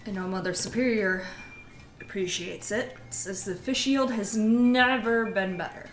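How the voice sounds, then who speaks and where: A teasing young woman in a tavern, as a man puts her on, her bright voice light and quick. She sounds a little far from the mic, in a roomy space with faint music underneath. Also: sits high, voice pushed up.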